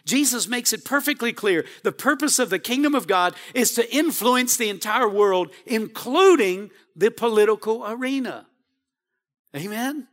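Preacher guy, high bright voice, calling out to the church. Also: expressive, moderate pace. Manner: preaching with calls to the congregation. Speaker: pastor. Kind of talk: sermon.

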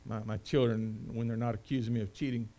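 A middle-aged man preaching a sermon as pastor, rising to loud proclamation and dropping to quiet conversational asides. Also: medium pitch, little pitch movement, fairly quick.

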